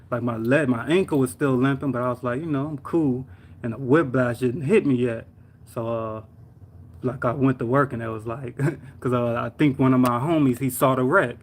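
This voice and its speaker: A young man on a live stream, telling a story in a rambling, slangy way, full of sound words and fillers. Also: medium pitch. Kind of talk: casual storytelling vent. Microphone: live stream mic.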